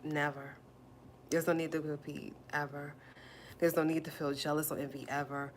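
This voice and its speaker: Low-voiced woman livestreaming, faint hiss. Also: little pitch movement, moderate pace. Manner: soft, consoling, repeats herself; sassy and playful when reading comments. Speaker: livestream host. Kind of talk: casual livestream talk to viewers.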